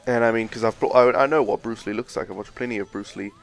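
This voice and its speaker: A man's voice: medium pitch, fairly even intonation, fast, gravelly, soft background music. A man commentating a let's play, telling a rambling story full of "like" and "um". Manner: loose, filler-heavy storytelling with lots of "like" and "um". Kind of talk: rambling dream story told over gameplay.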